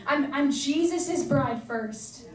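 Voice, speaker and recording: A woman's voice: high voice, slow. A young woman giving a casual, earnest sermon, chatty and full of fillers. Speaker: preacher. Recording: echoey room, voice from far off.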